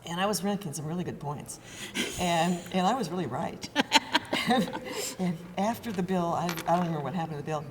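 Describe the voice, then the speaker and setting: An older woman, a former state legislator, recalling stories with lively self-mocking laughter. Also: fairly low pitch, a little fast, in a large hall, a little hiss or hum. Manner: lively storytelling, laughing at herself. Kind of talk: oral history reminiscing.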